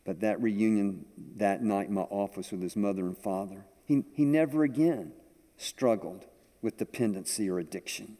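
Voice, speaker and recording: An older man preaching a sermon, telling a story with animated delivery to a congregation. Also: fairly low pitch, normal speed. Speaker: pastor. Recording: echoey hall with long reverb.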